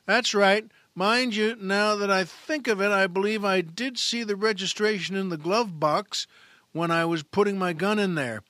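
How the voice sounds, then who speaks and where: A man's voice: high-pitched, moderate pace, pushed and bright, no echo, voice pushed up. A man voicing an unbothered male driver who confesses things in a breezy, matter-of-fact way.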